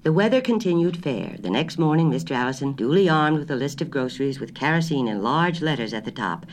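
Storybook narrator; measured, expressive reading with an animated, shifting pitch. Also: a little hiss or hum. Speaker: audiobook narrator.

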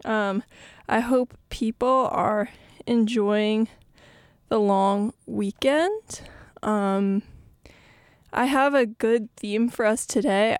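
Young female radio host, breathless, casual and chatty, crisp dry voice. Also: on the high side, a little mellow, no room sound. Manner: chatty, rambling, many ums. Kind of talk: casual live radio talk. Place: radio studio.

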